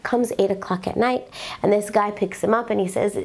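A woman giving a religious talk, telling a story in an animated, dramatic way and dropping in Hebrew terms. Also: mid-range voice, a little fast, vocal fry.

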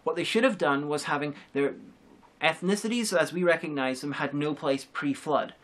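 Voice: medium pitch, normal speed, fairly bright tone. A co-host in a casual film review chat, explaining ideas at length with frequent restarts. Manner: rambling explanations with many restarts.

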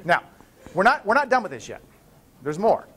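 A university professor, a man with a high-pitched voice, lectures in a classroom at normal speed. He's playful and animated, breaking up the lesson with jokes.

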